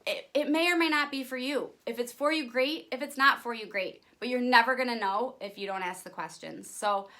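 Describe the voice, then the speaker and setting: A young woman in a direct-to-camera vlog, gushing and excitable, pitching her home business to viewers and saying "you guys" and "like" over and over. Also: a little fast, few pauses. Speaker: direct sales promoter.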